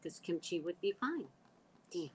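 A woman's voice: lowish voice, sing-song, measured pace, a little hiss or hum, low-quality recording. A woman hosting a casual livestream, reading viewer comments aloud and reacting in a chatty way, sometimes dropping to a whisper. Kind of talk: casual live chat.

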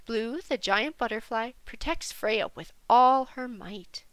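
A woman narrating a children's storybook gently, sometimes dropping to a soft whisper. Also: fairly high pitch, slow, smooth, no room sound, poor audio.

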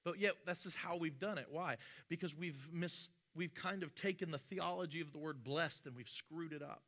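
A man's voice: a little high, normal speed, bright, forceful tone. A male pastor preaching a sermon in a conversational way, with joking asides and frequent restarts.

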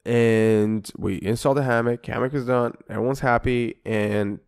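A man's voice: mid-range voice, steady tone, normal speed, creaky, a little mellow, clean tone. A man co-hosting a podcast, telling a long story in casual chat, swearing constantly and acting out both sides of an argument. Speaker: podcast co-host.

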